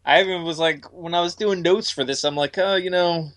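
A man co-hosting a casual podcast, chatty and quick to add details. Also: sits high, a bit bright. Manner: chatty, corrects and adds details, laughs easily. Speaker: podcast co-host. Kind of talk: casual chat.

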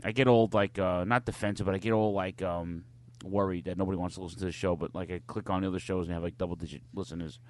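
A man's voice: low-pitched, steady tone, fast talker, dry recording. Man, casual podcast chat, blunt, swearing, dry studio sound. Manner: blunt, swears freely, ranting. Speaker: podcast co-host.

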